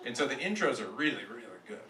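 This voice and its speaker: A man's voice: mid-range voice, big pitch swings, quick pace, bright, forceful tone. A man doing a live comedy roast in a club, with a loose, self-mocking delivery and bursts of laughter at his own jokes. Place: comedy club stage with audience. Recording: echoey club, from far off, noisy.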